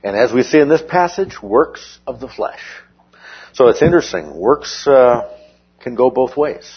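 A man teaching a verse-by-verse Bible study lesson in a measured, explanatory way, often checking in with his listeners. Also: mid-range voice, lively intonation, husky, highs cut off.

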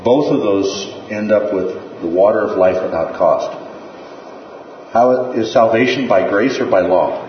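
Lower-voiced man teaching a Bible class. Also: measured pace, a little hiss or hum. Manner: conversational, checks in with listeners. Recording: distant, dull echoey room.

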